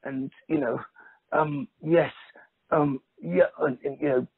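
Over a dry, phone-like line, a middle-aged man speaks slowly and steadily in a fairly high, gravelly, husky voice. He's a chatty, emphatic guest in a casual interview who restarts sentences and keeps saying "you know."

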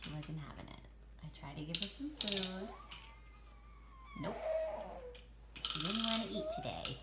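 Young mom vlogger, slow, singsong baby talk, roomy home sound. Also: female voice, medium pitch, sing-song, very noisy. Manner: sing-song, coaxing baby talk with repeated questions. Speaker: parent vlogger. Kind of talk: baby talk and casual vlog narration.

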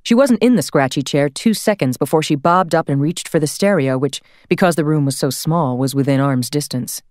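Recorded dry with clean studio sound, a low-voiced woman narrates an audiobook from a script. Her reading is measured yet expressive.

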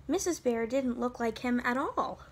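A woman teacher reading a picture book aloud to children, in an expressive, sing-song way. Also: a little high, normal speed, background noise.

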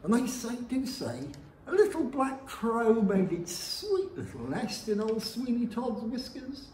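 A man performing a comic music-hall song at a folk club, half singing and half speaking, with theatrical shouted outbursts. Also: extremely high pitch, big pitch swings, a little slow, slight background noise. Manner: theatrical, with sudden shouted interjections. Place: live folk club room. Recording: echoey room with faint ambience.

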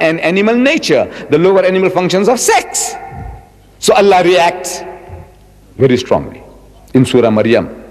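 A man in his seventies giving a religious lecture, emphatic and repeating his key words, drawing out quotations slowly. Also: high-pitched, in a large hall, low-quality recording. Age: 70s. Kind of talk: public lecture.

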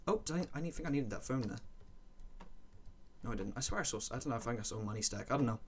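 A man commentating his own gameplay, muttering to himself and breaking into excited yelps. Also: mid-range voice, rapid-fire, slight background noise. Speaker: let's play gamer.

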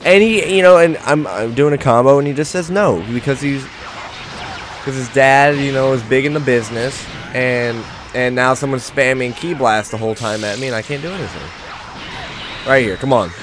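A man hosting a let's play, chatting casually over gameplay with sudden loud frustrated outbursts. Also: medium pitch, moderate pace, background noise.

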